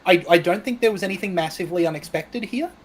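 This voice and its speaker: A man's voice: sits high, quick pace, breathy edge. An Australian man co-hosting a wrestling podcast, steering the talk and reading out comments from the chat. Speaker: podcast co-host.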